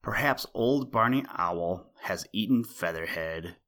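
A man's voice: low-pitched, lively intonation, a little slow, a bit bright. A man voicing a small, anxious young male rabbit in a storybook, crying out urgently. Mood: worried. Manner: urgent, pleading cries.

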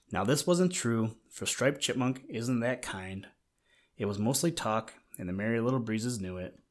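A man gently reading a children's animal story aloud in a measured way. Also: medium pitch, animated. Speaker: narrator.

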